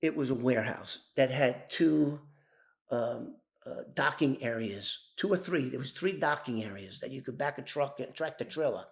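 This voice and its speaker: A man telling an animated street story, acting out the voices of others and often restarting his sentences. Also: medium pitch, normal speed, vocal fry. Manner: animated, acts out quoted voices, many restarts. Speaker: former mob associate telling his story. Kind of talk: casual spoken storytelling.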